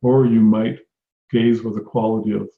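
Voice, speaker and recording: A man giving an unhurried, reflective talk on meditation as a teacher, often restarting his phrases. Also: on the low side, flat delivery, gravelly. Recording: echoey room, dull lo-fi sound.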